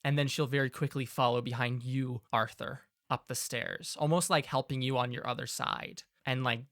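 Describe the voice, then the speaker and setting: Unhurried male game master narrating. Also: medium pitch, expressive, fairly bright tone, no room sound, clean studio sound. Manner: measured, descriptive, unhurried.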